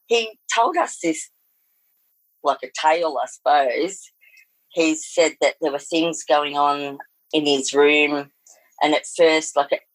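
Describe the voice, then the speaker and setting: A woman's voice: deep voice, dry recording, rough recording. A middle-aged Australian woman telling a personal ghost story in a rambling, casual way, full of fillers and restarts.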